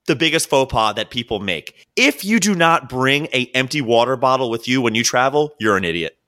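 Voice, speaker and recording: A man hosting a podcast, telling a story about a bet in a wry, deadpan way. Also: medium pitch, a little fast. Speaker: podcast host. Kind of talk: casual storytelling chat.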